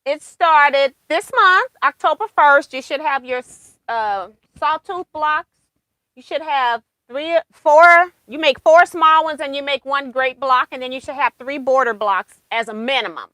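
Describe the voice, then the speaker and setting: A woman's voice: high-pitched, a little slow, pushed and bright, no echo. A woman hosting a casual quilting livestream, chatting and laughing as she reads viewer comments aloud.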